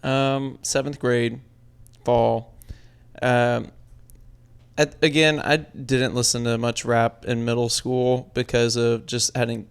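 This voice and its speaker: Gravelly laid-back male co-host. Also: mid-range voice, flat delivery, takes it slowly. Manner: laid-back, short reactions. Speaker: podcast co-host. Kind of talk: casual chat.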